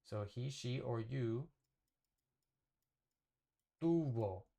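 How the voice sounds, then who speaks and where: A man teaching a casual lesson at a whiteboard, explaining slowly and patiently, often checking with "okay?". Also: mid-range voice, gravelly, mellow. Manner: slow, patient explaining with fillers and repeated checks. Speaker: Spanish teacher.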